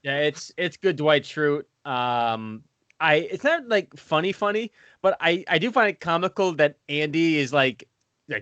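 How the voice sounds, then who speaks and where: A man co-hosting a casual podcast, relaxed and hesitant, full of fillers. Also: on the high side, unhurried, clean tone, no echo. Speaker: podcast co-host. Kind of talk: casual chat.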